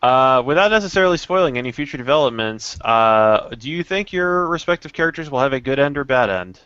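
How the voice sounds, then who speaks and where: A man's voice: medium pitch, animated, fairly bright tone, clean tone, dry recording. A man hosting a casual podcast question-and-answer session, reading listener questions aloud with frequent fillers and restarts. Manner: halting, many fillers. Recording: dull lo-fi sound.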